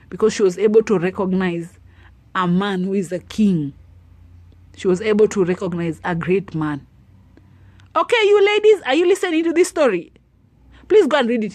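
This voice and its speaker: A woman giving preachy, animated advice to women and retelling a Bible story. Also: mid-range voice, dry recording. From Africa. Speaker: advice vlogger. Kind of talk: motivational talk to women.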